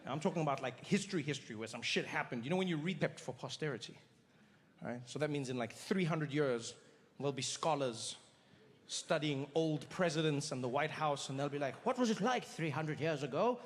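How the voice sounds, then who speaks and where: A man's voice: on the high side, a little fast, big-room sound. A male stand-up comedian talking conversationally and acting out scenes on stage before a live audience.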